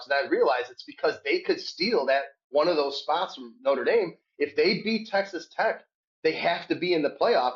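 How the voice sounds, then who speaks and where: A man telling a rambling, animated sports story in a casual podcast chat. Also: moderate pace. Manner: animated, shouts quoted hecklers in a high voice. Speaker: podcast guest. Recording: dull lo-fi sound.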